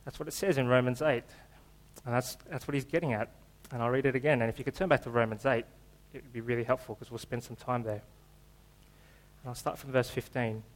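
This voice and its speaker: A man's voice: mid-range voice, steady tone, fairly quick, rough recording. A man preaching a sermon in a church, in a casual, joking, conversational way. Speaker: pastor.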